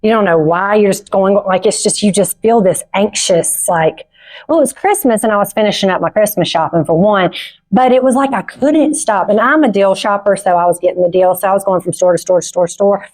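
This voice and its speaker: A middle-aged woman on a conference stage, giving a personal testimony in a heartfelt, halting storytelling manner. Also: mid-range voice, darkish tone. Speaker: conference speaker. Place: conference stage before an audience.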